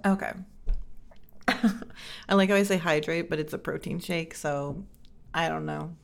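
A young woman chatting casually and rambling on her own, sounding tired and sleepy, with heavy vocal fry and many fillers. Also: deep voice, unhurried. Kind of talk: casual solo chat.

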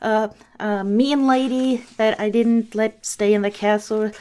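A woman's voice: on the high side, steady tone, a little slow, warm tone, close to an everyday voice. A woman voicing a young male prince who is earnestly and effusively thankful in a storybook retelling. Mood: grateful. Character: grateful young male prince, freed from a curse.

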